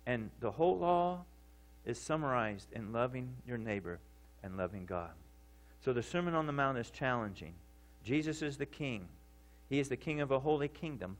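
Conversational male preacher. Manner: conversational, checks in with the audience often; rises in pitch and volume for emphasis. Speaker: pastor. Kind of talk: sermon.

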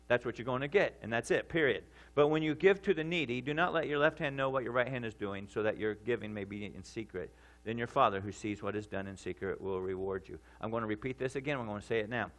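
Man preaching, conversational, checks in with listeners, swells louder for emphasis. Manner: conversational, checks in with the audience often; rises in pitch and volume for emphasis. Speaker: pastor. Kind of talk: sermon.

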